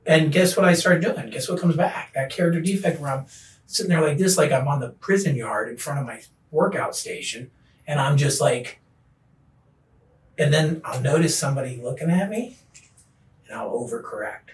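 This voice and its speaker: A middle-aged man, a podcast guest, telling his recovery story in an earnest, animated way. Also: a little high, moderate pace, distant mic, a little hiss or hum. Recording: echoey room, voice off-mic.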